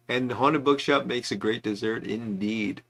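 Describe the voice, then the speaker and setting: A man's voice: medium pitch, a bit bright. A man hosting a casual livestream, chatting loosely and reading out viewer comments with asides. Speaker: livestream host.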